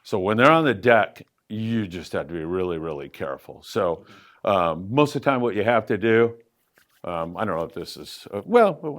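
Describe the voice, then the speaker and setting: Middle-aged man telling lively fishing stories. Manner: lively anecdotal storyteller with loose fillers, pitch jumping up for emphasis. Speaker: fishing show host answering audience questions. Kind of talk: live Q&A storytelling. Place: event room with a live audience.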